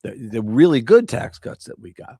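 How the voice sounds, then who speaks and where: A man from the United States talking in a casual political livestream chat, animated and emphatic with coarse language. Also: medium pitch, moderate pace, husky, no room sound, clean studio sound. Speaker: guest co-host.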